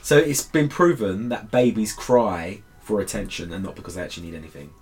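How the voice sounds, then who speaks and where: A man's voice: fairly low pitch, a little fast, a little mellow, slightly rough, faint music behind. A man hosting a casual podcast chat, laughing often and repeating words as he leads questions. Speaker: podcast host.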